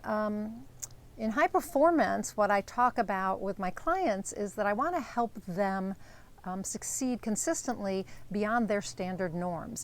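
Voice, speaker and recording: A woman life coach giving an earnest, encouraging motivational talk with frequent fillers. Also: mid-range voice.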